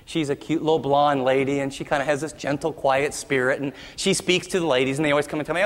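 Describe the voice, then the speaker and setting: A man's voice: on the high side, expressive, fast talker, hardly any pauses, fairly bright tone, long reverb tail, a little hiss or hum. A man preaching a sermon as pastor, emphatic and with humorous asides.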